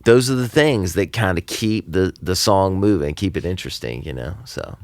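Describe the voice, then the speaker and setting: A man's voice: low voice, animated, normal speed, a little mellow, dry recording. A man, a recording engineer and producer, talking loosely in a casual podcast interview, with lots of fillers and restarts.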